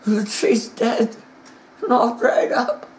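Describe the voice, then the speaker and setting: A man's voice: extremely high pitch, sing-song, slow pace, exaggerated voice. A man preaching voices a sorrowful prophet who speaks solemnly and pleadingly to weeping women. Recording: echoey room.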